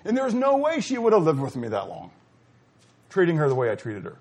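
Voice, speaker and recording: Male pastor, middle-aged, husky, lively pitch swings, calls out questions to the congregation. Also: a little fast. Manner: swings from loud exclamations to quiet asides, asks the audience questions. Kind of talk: sermon.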